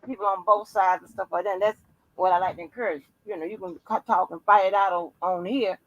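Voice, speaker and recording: A woman's voice: mid-range voice, fast, dry recording, lo-fi sound. A woman hosting a live chat stream who talks loosely, stammers, and laughs often. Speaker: host. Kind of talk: casual chat.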